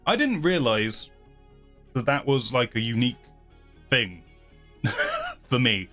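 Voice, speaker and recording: A man's voice: mid-range voice, wildly swooping pitch, takes it slowly, pushed and bright, soft background music. A man hosting his channel who chats casually through viewer comments, rambling, hedging and often laughing at himself. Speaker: channel host.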